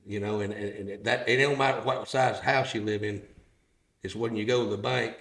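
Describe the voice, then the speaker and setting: A middle-aged man, a podcast guest, telling stories about his car business in a folksy, halting way, often restarting his sentences. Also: fairly low pitch, fairly even intonation, fairly bright tone. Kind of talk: casual chat. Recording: roomy echo.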